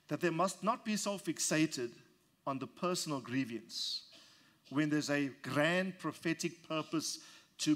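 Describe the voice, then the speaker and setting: Male pastor with a somewhat high voice, expounding scripture and leading call-and-response. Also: a bit bright. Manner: leads congregation in call-and-response repetition; reads scripture aloud and expounds it verse by verse. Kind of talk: sermon.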